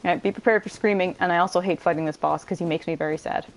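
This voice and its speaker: A woman giving casual let's-play commentary, chatty and quick to swear and laugh as she switches between the story and the gameplay. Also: on the low side, fairly even intonation, a little hiss or hum. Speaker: gamer playing on video.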